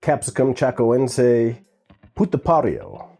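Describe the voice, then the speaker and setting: A man who hosts a gardening and pepper-tasting channel chats casually to camera in a slow, gravelly, warm voice of medium pitch with huge swings in intonation. Faint music plays behind him as he admits he can't pronounce plant names.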